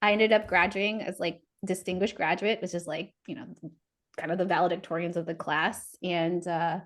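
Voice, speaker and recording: A woman in her forties, a podcast guest, telling stories in a casual, animated way and laughing often. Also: on the low side, normal speed. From United States. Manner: animated, laughs often, acts out quoted voices. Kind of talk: casual storytelling.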